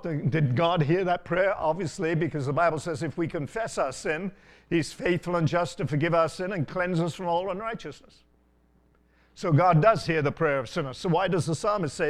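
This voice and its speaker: An older man preaching a sermon, telling stories in an unhurried way with frequent asides. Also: on the high side. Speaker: pastor.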